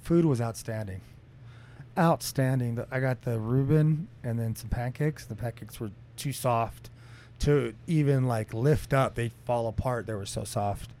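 Man, casual chat, swearing a lot, animated storytelling, middle pitch. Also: a little slow. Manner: animated, profane storytelling that climbs in pitch when heated.

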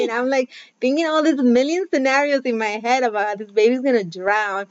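A woman in her thirties chatting casually about parenting, acting out quotes with lively voices and casual swearing. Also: on the high side, a little fast, no room sound. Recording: dull, muffled dry recording.

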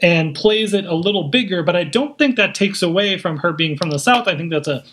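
A man co-hosting a podcast, taking up the counterargument in a measured, polite way during a casual debate. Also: high voice, lively intonation, a bit bright. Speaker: podcast co-host.

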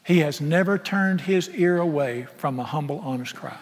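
A middle-aged pastor, preaching a folksy, impassioned sermon that swings from loud to soft. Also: male voice, on the high side, moderate pace, husky. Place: large church sanctuary. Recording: echoey sanctuary with long reverb.

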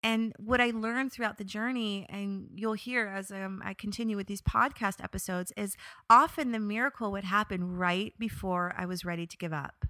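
A young woman with a bright, ringing voice tells a story from her own life on her podcast, lively when she acts out what she said and softer when she reflects. She is recorded up close in a dry, dead room. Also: mid-range voice, normal speed, dry recording. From New York area. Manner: expressive, animated when quoting herself, reflective. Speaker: podcast host. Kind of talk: personal storytelling monologue.

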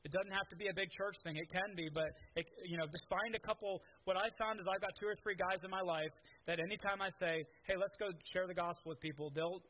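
A man's voice: sits high, a bit bright, slight background noise, low-quality recording. A man preaching a sermon, telling stories in a conversational way with many restarts. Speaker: pastor.

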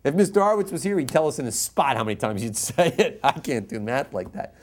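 Rabbi type, male, lively swooping delivery, emphatic repeats, quotes Hebrew, jokey with the room. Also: medium pitch, quick pace. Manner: passionate and jokey. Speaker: rabbi teaching a class. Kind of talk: Torah lecture to a live audience.

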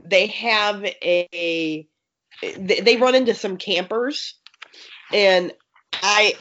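A woman's voice: on the low side, a bit bright. Breathless, rambling woman. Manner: rapid, rambling, lots of restarts and fillers. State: out of breath from being sick. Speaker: podcast co-host reviewing a game book. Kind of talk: casual chat. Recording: slightly muffled lo-fi audio.

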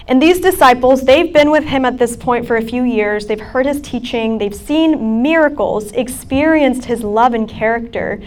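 A woman's voice: fairly high pitch, moderate pace, few pauses, a little mellow. A young adult woman gives a casual, chatty sermon to students, with many fillers. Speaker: campus ministry speaker. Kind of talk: sermon talk.

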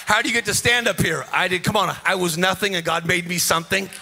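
A man's voice: high-pitched, fast, creaky, sharp tone, soft background music. A man preaching a rousing, joking sermon at a conference, with a sing-song delivery and frequent calls to the crowd. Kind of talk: energetic sermon. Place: conference stage.

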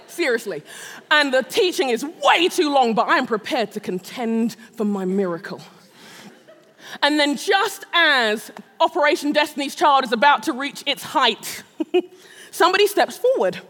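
A middle-aged woman speaking at a Christian gathering preaches a sermon built around a personal story, full of self-mocking humor and frequent laughter. Her voice is high and a bit bright, with the long reverb of a large hall.

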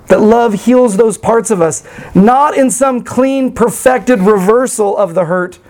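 In a rough recording, a male pastor with a fairly high, somewhat dark voice preaches at a measured pace. He's earnest yet conversational and slips in gentle jokes at his own expense.

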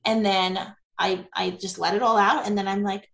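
A woman's voice: mid-range voice, steady tone, normal speed, vocal fry, hardly any pauses, fairly bright tone, echoey room, low-quality recording. A woman in her forties, a guest telling her story in a candid, chatty interview. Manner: candid and chatty, with frequent fillers and laughs. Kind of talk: casual interview.

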